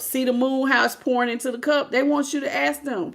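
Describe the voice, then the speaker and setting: A woman reads tarot live. She talks bluntly and with slang, and her voice sits fairly high. She stays animated as she calls out to her chat viewers. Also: moderate pace. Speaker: tarot reader.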